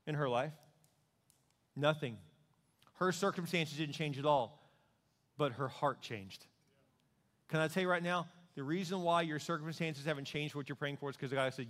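Pastor, male, high-ish voice, lively preaching style, acts out voices, long hall reverb. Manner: animated preaching, acting out voices of God and people praying. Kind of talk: sermon.

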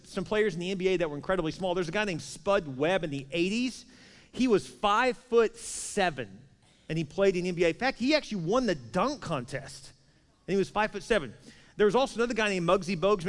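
Fast-talking, high-voiced male preacher in a hall. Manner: storytelling with acted-out dialogue, animated and joking. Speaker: pastor. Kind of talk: sermon. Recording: reverberant hall.

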